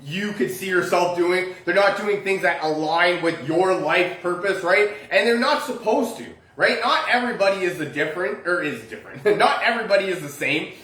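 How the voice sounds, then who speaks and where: Male self-help speaker, high-pitched, chatty and rambling, echoey room. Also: normal speed, hardly any pauses, bright, forceful tone. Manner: rambling, frequent "right?" tags and restarts; chuckles often while talking. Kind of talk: casual motivational talk.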